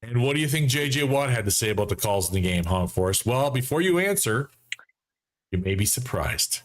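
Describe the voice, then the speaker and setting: A man hosting a casual football fan show for a live audience, animated and mocking, acting out friends he quotes. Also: medium pitch, a little fast. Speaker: sports fan show host. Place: home studio setup.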